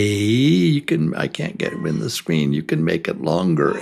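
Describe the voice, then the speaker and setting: Patient guy teaching english sounds super slowly, drags out vowels and repeats stuff. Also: lowish voice, sing-song, vocal fry. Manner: very slow, drawn-out vowel demonstrations and repetition; patient, simple questions to learners. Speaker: ESL teacher. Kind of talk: slow beginner pronunciation lesson.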